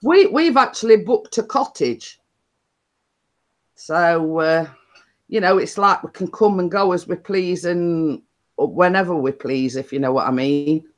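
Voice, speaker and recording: A woman's voice: lowish voice, measured pace. A woman hosting a live stream, chatting casually with lots of fillers and laughter. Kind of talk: casual chat.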